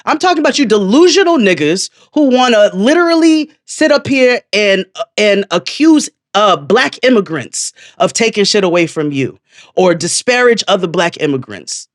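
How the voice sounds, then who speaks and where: A woman's voice: mid-range voice, very animated, normal speed. A woman co-hosting a podcast, blunt and heated, swearing freely in casual chat. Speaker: podcast co-host.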